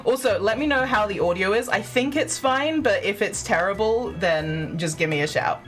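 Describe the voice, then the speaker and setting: A woman's voice: medium pitch, lively intonation, normal speed, faint music behind. Giggly young woman streaming a game. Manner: giggly, chatty, self-deprecating. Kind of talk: casual live-stream chat.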